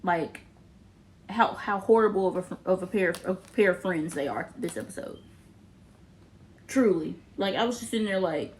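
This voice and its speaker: A young woman giving a casual recap of a TV episode, animated and often laughing as she acts out the characters' lines. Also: mid-range voice, normal speed, low-quality recording. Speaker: TV episode reviewer.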